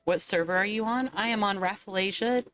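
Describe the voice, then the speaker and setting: A woman's voice: medium pitch, moderate pace, a bit bright, soft background music. A woman from Southwest Virginia with a Southwest Virginian accent, chatting casually on a stream, swearing and laughing often.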